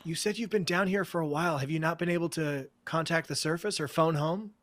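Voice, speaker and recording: A man's voice: fairly high pitch, a little fast, fairly bright tone. A man playing a tabletop horror game, talking in character in a nervous, defensive, rambling way. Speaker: player. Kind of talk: in-character tabletop role-play.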